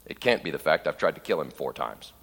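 A male preacher delivering a sermon with a bright, forceful voice. He voices the scripture quotes loudly and then drops into low, wry asides. A long reverb trails after his words, as if he is speaking in a large hall. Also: lively intonation, a little fast, creaky, a little hiss or hum.

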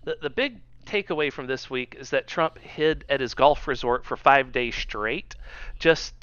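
Guy ranting on a podcast, bright lively voice, sarcastic, dull lo-fi dry sound. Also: medium pitch, unhurried, clean tone, no room sound. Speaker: podcast co-host. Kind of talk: casual political chat.

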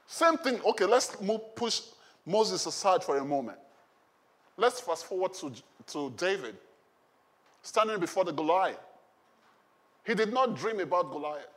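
A man's voice: high-pitched, animated, measured pace, pauses often, fairly bright tone. A male pastor preaching a sermon in a conversational way, often asking the congregation questions.

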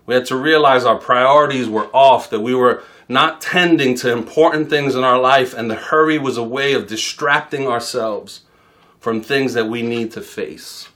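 A pastor from New York in his thirties preaches a sermon at a moderate pace, his medium-pitched voice pushed and bright. He weaves in funny personal stories, telling them with humor and quoting himself.

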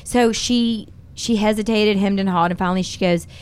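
A middle-aged woman hosting a podcast, telling a candid, profane dating story in animated casual chat. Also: medium pitch, normal speed, clear, resonant tone. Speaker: podcast host.

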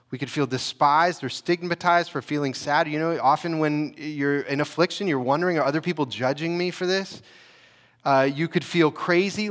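A man preaching a sermon in a relaxed, conversational way, often saying "you know" and restarting his sentences. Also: fairly high pitch, big-room sound. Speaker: pastor.

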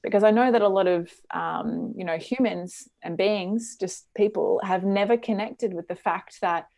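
A woman's voice: medium pitch, normal speed, vocal fry, warm tone. A woman hosting a podcast interview, asking long questions and rephrasing them eagerly. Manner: enthusiastic, rephrases her questions. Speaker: podcast host.

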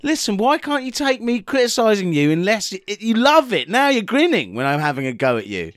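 A man's voice: sits high, big pitch swings, fairly quick, fairly bright tone, no echo, studio quality. A man co-hosting a comedy podcast, teasing his partner in casual, sweary banter. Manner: teasing, swears freely, breaks into laughter. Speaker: podcast co-host.

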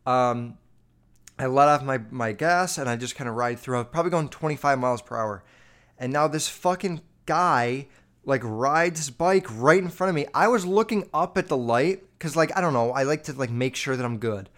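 A man spinning a casual storytime monologue, cursing freely and leaning on "like" at every turn. He rambles and talks straight to his listeners in a mid-pitched voice, animated and loose. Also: moderate pace. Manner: profane, rambling, filler-heavy with constant "like"; animated, addresses listeners directly.

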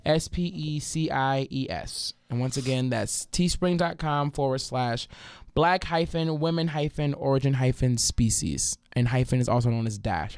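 Animated, foul-mouthed man telling stories. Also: on the high side, smooth, no room sound, studio quality. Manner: animated, profane, acts out quotes. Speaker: podcast host. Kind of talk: casual storytelling chat.

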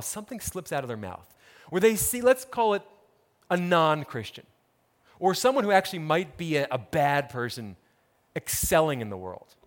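A man preaching a sermon, telling a parable dramatically and acting out the characters' words. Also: sits high. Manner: dramatic storytelling, acts out quoted characters. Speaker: pastor.

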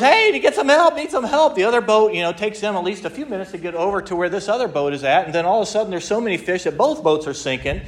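A man preaching a sermon, retelling a story in a lively way, acting out the quotes, with many restarts. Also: high-pitched. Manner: animated storytelling with frequent restarts and acted-out quotes. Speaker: pastor.

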